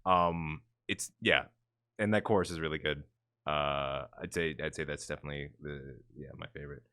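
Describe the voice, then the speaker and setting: Deep-voiced man, bright and clear. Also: fairly even intonation, moderate pace. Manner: laid-back, hedging with fillers. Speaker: podcast co-host. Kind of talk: casual chat about music.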